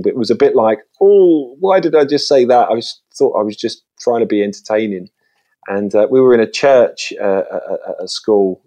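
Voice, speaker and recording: A man, a guest chatting casually and acting out lively voices in his stories. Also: mid-range voice. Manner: chatty storytelling, lively voices when quoting. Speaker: guest, children's TV presenter. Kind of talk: casual interview chat.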